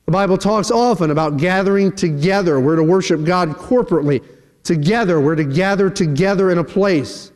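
A middle-aged man preaching a sermon in a church, animated and acting out quoted dialogue. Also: brisk. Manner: animated, acts out quoted dialogue with shifting pitch. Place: church sanctuary. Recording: long hall reverb.

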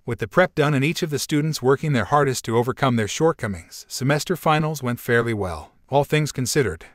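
A man of middle pitch narrates fan fiction in a steady, even way. Characters get little change of voice. The sound is dry and close to the mic. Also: brisk, few pauses, no room sound.

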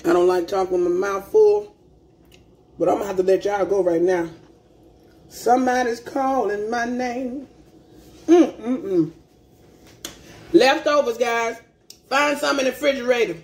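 A woman's voice: a little high, lively intonation, moderate pace. A middle-aged woman vlogging casually to camera, folksy and chatty, calling viewers baby and humming as she tastes her food. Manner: tastes food while talking, hums with mouth full. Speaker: cooking vlogger.

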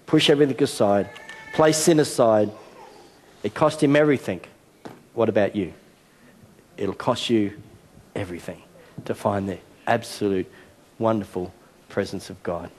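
A man's voice: lowish voice, normal speed, long pauses, a little mellow. A middle-aged man preaching a sermon as a senior pastor, telling a story and acting out a game. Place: large church hall. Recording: long church hall reverb.

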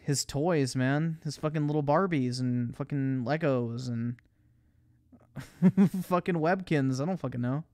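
A man's voice: medium pitch, measured pace, a little mellow, dry recording, clean studio sound. A young man streaming a casual reaction, swearing constantly, laughing, and mocking what he watches. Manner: crude, profane, laughing, mocking.

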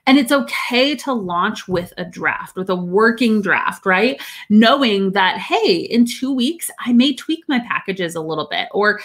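A woman's voice: medium pitch, expressive, unhurried, fairly bright tone. Upbeat lady coach talking biz on a livestream, lots of um and right?. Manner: upbeat, chatty, many "right?" tags and fillers. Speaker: business coach. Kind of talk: casual livestream teaching.

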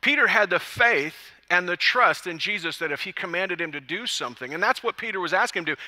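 A man preaching to his church congregation, his voice very bright and ringing. He pitches a little higher than most men and keeps the message lively with jokes and acted-out lines. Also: fast talker, hardly any pauses, long reverb tail. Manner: lively, joking storyteller who acts out quotes. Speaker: pastor. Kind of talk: sermon. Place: church service.

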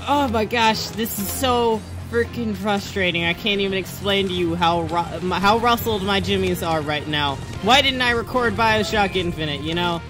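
A man's voice: high-pitched, moderate pace, hardly any pauses, over music. A young man giving let's play commentary, yelping and screaming in frustration between self-mocking rants. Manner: excitable, frequent yelps and frustrated screams. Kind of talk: gameplay commentary.

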